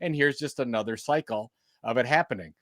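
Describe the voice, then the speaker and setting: A man co-hosting a podcast in casual chat, animated and emphatic, repeating words as he makes his point. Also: mid-range voice, brisk, no room sound, clean studio sound. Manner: animated, emphatic, repeats himself when riled. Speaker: podcast co-host.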